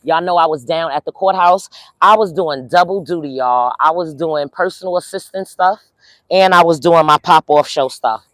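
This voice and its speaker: A woman's voice: low-pitched, normal speed, dry recording. A tired woman hosting a casual live recap, chatting with her viewers while walking outdoors and holding her phone, full of ums and you-knows. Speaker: livestream host recapping a court day. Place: outdoors, walking near a courthouse.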